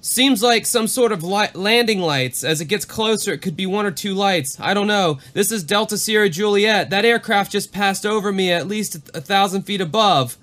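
A man's voice: high voice, moderate pace, few pauses, fairly bright tone, pitched above the performer's own voice. A young pilot on the radio, as a man reads his lines, tense and alarmed, with a raised and strained voice. He keeps his reports urgent and rising. Every line pushes forward with mounting worry. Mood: worried. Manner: urgent, rising, reading from a transcript. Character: anxious young male pilot radioing control.

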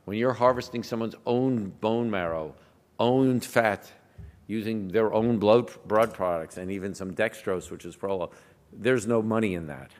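Deep-voiced man lecturing in a hall. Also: normal speed, a little mellow. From United States. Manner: anecdotal, conversational, with asides. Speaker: physician lecturer. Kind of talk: conference talk. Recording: long hall reverb.

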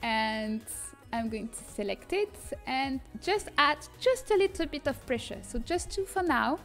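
This young woman streamer, speaking with a French accent, runs a casual livestream tutorial on custom content in a high, animated voice at a measured pace. She's chatty and laughs a lot, reading viewer comments aloud over soft background music.

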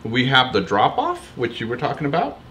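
Man from texas, co-host, casual chat, very lively intonation, a little noise behind. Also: medium pitch, fairly quick, lo-fi sound. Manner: upbeat, teasing, lively intonation. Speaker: co-host of a store's question show.

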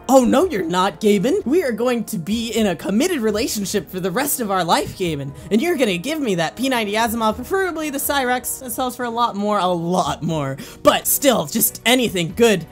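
Excitable, jokey woman with a higher voice. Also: brisk, few pauses, soft background music. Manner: excitable, jokey, squeals and shouts at near-misses. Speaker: gaming video creator. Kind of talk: excitable gameplay commentary.

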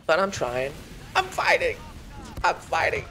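Guy doing a celeb impression, gravelly, pitch swoops all over, rambly and self-mocking. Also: huge pitch swings, a little slow, bright, forceful tone, a little hiss or hum, full character voice. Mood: rambling. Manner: meandering, self-mocking, easily sidetracked. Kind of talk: gameplay commentary in an impression voice.

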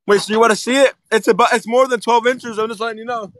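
A man's voice: extremely high pitch, fairly even intonation, quick pace, fairly bright tone, dry recording. A man hosting a crude improvised comedy skit, teasing and goofy. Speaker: host of a plush-toy channel.

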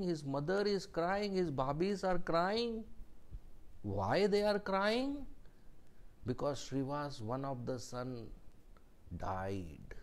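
In a scripture class, a man tells a devotional story slowly and deliberately. His voice is fairly high, and now and then he drops to a hush for emphasis.

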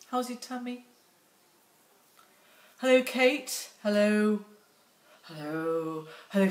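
A middle-aged woman hosting a casual live stream outdoors on her phone, chatty and teasing as she greets viewers by name. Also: fairly high pitch. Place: outdoors near lambs.

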